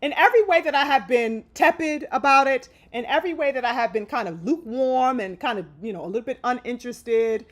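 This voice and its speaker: A woman's voice: a little high, fairly quick, hardly any pauses. A woman hosting a live boxing talk stream, ranting in a heated, emphatic and profane way. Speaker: boxing commentary host. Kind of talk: live opinion commentary.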